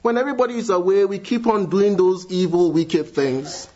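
A high-pitched man preaching with earnest conviction, dropping to quiet lines and then climbing into emphatic appeals. The recording is dull and lo-fi, its highs muffled. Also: moderate pace. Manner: earnest, swings between hushed and rising emphatic appeals. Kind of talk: sermon. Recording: dull lo-fi sound.

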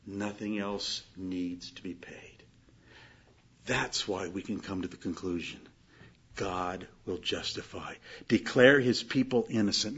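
A man preaching a sermon, swinging from loud emphatic declarations to quiet, hushed storytelling. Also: fairly low pitch, slow, slightly rough, muffled recording. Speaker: pastor.

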